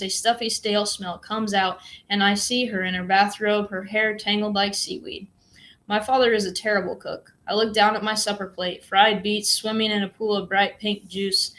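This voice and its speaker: A woman narrating a novel aloud in first person, in a steady, plain way. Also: mid-range voice. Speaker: audiobook reader.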